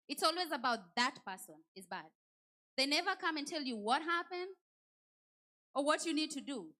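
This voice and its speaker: A woman speaks at a church event, her voice sitting a little high. She talks straight to the point and with some animation, weaving her own stories into encouragement for the crowd. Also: moderate pace. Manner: direct and animated, telling personal stories. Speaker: women's day speaker. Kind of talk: motivational church talk.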